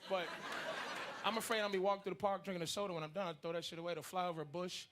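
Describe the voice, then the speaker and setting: A man's voice: high-pitched, level tone, very fast. A man in his thirties doing crude, rambling stand-up comedy in a noisy live room. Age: 30s.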